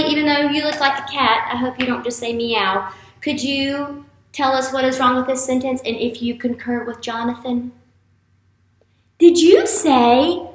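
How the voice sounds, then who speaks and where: A high-voiced woman teacher leads a playful morning message for young students, her manner animated and exaggerated. The room sounds echoey.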